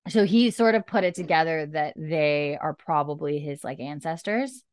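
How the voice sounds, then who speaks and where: A woman's voice: low-pitched, normal speed, darkish tone, smooth, no echo, clean studio sound. A woman co-hosting a casual chat show, animatedly retelling scenes and acting out the dialogue in a raised voice, with casual swearing. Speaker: podcast co-host recapping a TV episode.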